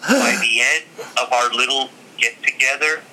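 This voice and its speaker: Bright, animated middle-aged storyteller man. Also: mid-range voice, moderate pace, rough recording. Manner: animated, acts out every quoted voice. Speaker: guest. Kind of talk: casual storytelling.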